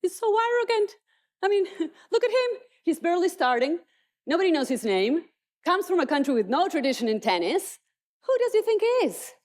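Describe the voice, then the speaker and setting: A woman's voice: on the low side, wildly swooping pitch, a little fast, few pauses, mellow, husky, pitched below the performer's own voice, full character voice. A woman speaker voicing a scornful doubter who mocks a young newcomer. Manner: mocking, incredulous.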